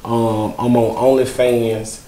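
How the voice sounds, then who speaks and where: A man's voice: mid-range voice, level tone, slow pace, mellow. Laid-back Mississippi man, echoey room. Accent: rural Mississippi Southern. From Mississippi, USA. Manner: laid-back, joking, repeats and restarts, laughs easily. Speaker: comedian and voiceover creator, guest. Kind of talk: casual interview. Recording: echoey room with clear background noise.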